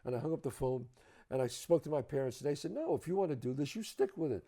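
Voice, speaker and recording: A man with a New York accent telling animated, profane stories as a guest at a home, acting out the other people in them. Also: fairly high pitch, fast. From the Bronx, New York. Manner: emphatic, profane, acts out other people's lines. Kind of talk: animated storytelling.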